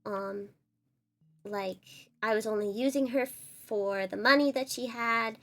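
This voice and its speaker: A woman's voice: a little high, unhurried, natural voice. A woman imitating a defensive, spiteful young woman who badmouths a friend and denies everything, in an indignant, dismissive tone. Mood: defensive, scornful.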